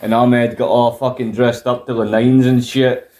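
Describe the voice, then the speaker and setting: A man's voice: mid-range voice, flat delivery, normal speed, mellow. A man co-hosting a casual wrestling podcast, trading crude banter and insults while drinking. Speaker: podcast co-host.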